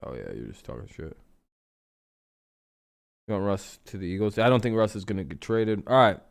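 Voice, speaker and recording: Swearing freely and rambling in a blunt way, this male host runs a casual sports talk stream and is very animated. He speaks at normal speed in a smooth, medium-pitched voice, captured close and dry without any room sound.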